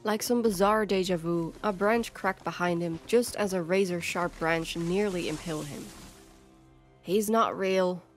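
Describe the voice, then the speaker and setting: A woman narrating a fantasy short story in a measured, expressive storytelling manner. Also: on the low side. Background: faint background music.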